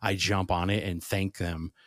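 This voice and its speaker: A woman's voice: extremely low pitch, little pitch movement, a little slow, dry recording, studio quality. A woman hosting a podcast, encouraging her guest with friendly prompts in casual chat. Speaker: podcast host.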